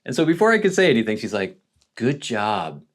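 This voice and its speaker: A man's voice: a little high, racing. A middle-aged man telling a casual, self-deprecating story and acting out the people in it. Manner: animated, self-deprecating anecdote telling with quoted dialogue. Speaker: vlogger.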